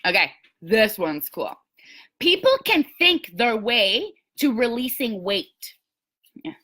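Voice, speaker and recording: A woman's voice: on the high side, big pitch swings, slow, pushed and bright. A woman giving an emphatic, blunt motivational talk to a sales team, with some mild swearing. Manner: emphatic, blunt, mildly profane pep talk.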